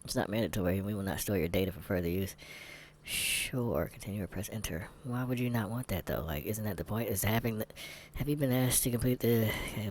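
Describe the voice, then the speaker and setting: A man's voice: on the low side, a little mellow, slight background noise. A man vlogging candid commentary while taking a test, rambling, sarcastic and muttering asides to himself.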